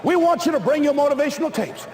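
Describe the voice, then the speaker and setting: A man playing a businesswoman who presses her point emphatically. The pitch is high and the delivery is brisk. The voice carries the long reverb of a hall. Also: lively intonation, a little mellow. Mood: insistent. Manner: emphatic, insistent. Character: brisk businesswoman booking a speaker. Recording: echoey hall, live talk.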